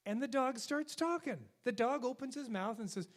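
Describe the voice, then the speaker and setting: Animated joking man at a bandstand. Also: high-pitched, a little fast, few pauses. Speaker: bandleader and singer. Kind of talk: live stage banter and joke telling. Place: church stage.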